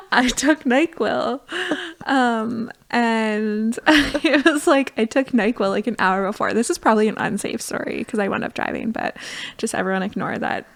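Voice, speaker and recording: A woman's voice: fairly high pitch, moderate pace, vocal fry. A woman who is a podcast guest and former doula, telling a story in a loose, chatty way with frequent laughter and lots of "like". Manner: laughs often while telling a story, full of "like". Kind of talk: casual storytelling.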